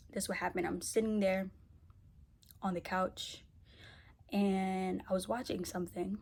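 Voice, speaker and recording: Woman wellness coach, mid-pitched, chatty and energetic, casual direct-to-camera delivery. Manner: energetic, conversational, often asks "right?".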